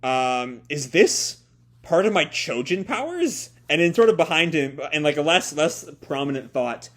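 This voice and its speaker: A man hosts a casual live reaction to a comic, thinking aloud as he goes. He often rephrases and doubles back mid-sentence, in a fairly high voice with a lively, swinging pitch. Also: a little slow. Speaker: host.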